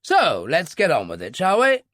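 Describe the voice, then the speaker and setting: A man voicing a calm, commanding older British brigadier with a clipped delivery. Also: fairly high pitch, moderate pace, no echo, clean studio sound. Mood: brisk. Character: brisk older British male brigadier, unflappable.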